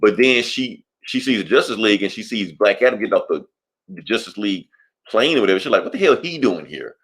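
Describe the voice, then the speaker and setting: Podcast guy recapping a comic, low voice, loose and profane. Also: fast talker, fairly bright tone, breathy edge. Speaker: podcast co-host. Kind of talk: casual comic book review chat.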